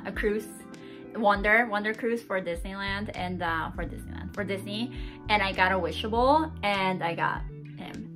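A young woman with an excited, giggly way of talking, chatting casually as she unboxes a mystery box for her channel. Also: medium pitch. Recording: background music.

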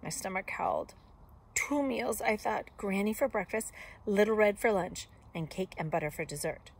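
Give me a woman teacher reading a children's story aloud with lively expression. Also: medium pitch, normal speed, husky. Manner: expressive, with soft whispered asides.

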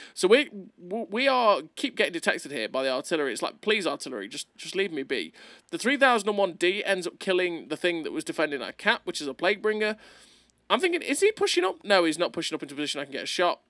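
A man doing excitable, playful gameplay commentary over a video, laughing often, recorded close on a desk mic. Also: sits high, no echo.

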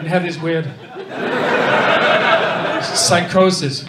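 A man with a Swedish accent doing a stand-up comedy set in a dry, deadpan manner. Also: high-pitched, moderate pace. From Sweden. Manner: deadpan, dry ironic delivery. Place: comedy club stage. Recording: roomy club from a distance, loud noise. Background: audience laughter.

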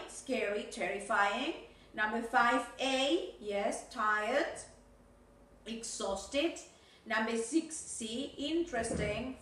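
A woman teaching an English class on video, slowly and deliberately, checking in often with "yes? okay?". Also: fairly high pitch, fairly bright tone, distant mic. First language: Spanish. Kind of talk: recorded video lesson. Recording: roomy echo, voice from off the mic.

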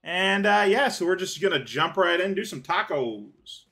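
Bright-voiced rambling man hosting a gameplay chat. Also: sits high, expressive, moderate pace, vocal fry, faint music behind. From Canada. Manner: rambling, joking, lots of fillers and restarts. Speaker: gaming channel host.

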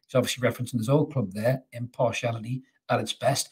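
Angry sweary football fan. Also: male voice, medium pitch, fast, few pauses, a bit bright, slightly rough. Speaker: football fan channel host. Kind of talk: ranting commentary to camera.

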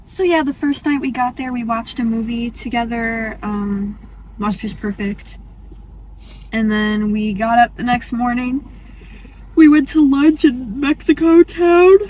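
A woman's voice: fairly high pitch, fairly even intonation, a little slow, darkish tone. A young woman, rambling through a story in a casual car chat, giggling often. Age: young adult. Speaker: vlogger. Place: parked car. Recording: noisy car interior.

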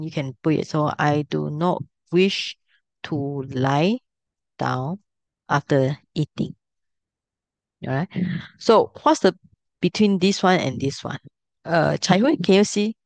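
A woman's voice: low voice, no echo. A middle-aged woman teaching a language class, patiently explaining step by step and checking if students can follow.

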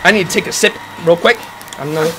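A man playing a horror game on camera, talking through it with constant swearing and frightened shouts. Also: high voice, quick pace, heavy background noise. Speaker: gaming YouTuber. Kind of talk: horror game playthrough commentary. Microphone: webcam setup with face cam.

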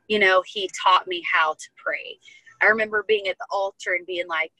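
Young woman telling her story, earnest, lots of likes and ums, lowish but bright tone, dry sound. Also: steady tone, normal speed, dry recording, low-quality recording. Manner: earnest, heartfelt storytelling with many fillers. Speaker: guest. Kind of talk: personal testimony in casual chat.

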